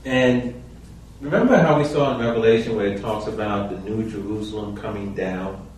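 A man's voice: lowish voice, normal speed, darkish tone. Guy teaching bible study, chatty, asks the group stuff, mic far away, faint hiss. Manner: conversational, asks the group questions. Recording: echoey room, mic far off.

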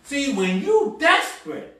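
A man's voice: extremely high pitch, big pitch swings, a little slow, fairly bright tone. A man preaching a sermon in a fervent, colloquial way, repeating words in bursts as he builds. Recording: echoey room, mic at a distance.

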